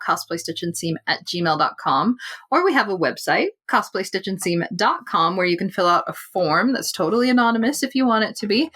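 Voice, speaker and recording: A woman's voice: medium pitch, a bit bright. Upbeat woman podcast host. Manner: giggly, upbeat. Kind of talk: casual interview chat.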